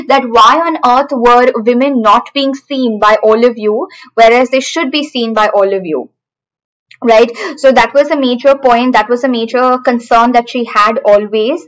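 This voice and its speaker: A woman's voice: high voice, a bit bright, low-quality recording. A woman teaching a live online exam-prep class, repeating key points and calling out students by name.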